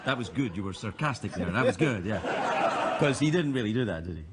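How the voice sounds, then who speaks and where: A man's voice: fairly low pitch, animated, a little fast. A man with a Scottish accent hosting a late-night talk show, teasing audience members with playful, mock-serious banter. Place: TV studio with live audience. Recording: loud audience laughter and noise.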